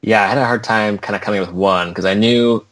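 A man's voice: on the low side, steady tone, fast, fairly bright tone. A young adult man chatting casually, rambling and self-mocking. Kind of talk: casual chat.

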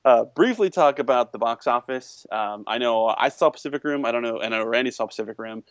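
A young man co-hosting a casual podcast, retelling a movie plot with lively, acted-out quotes. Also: medium pitch, brisk, dry recording. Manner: animated storytelling, acts out quotes in a raised voice. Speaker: podcast co-host.

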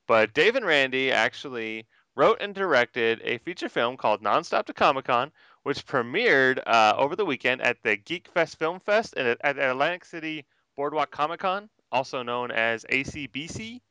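A man's voice: medium pitch, animated, moderate pace, sharp tone, clear, resonant tone, no room sound. A man hosting a podcast, opening with a showman's greeting and joking with his guests in casual chat. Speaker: podcast host.

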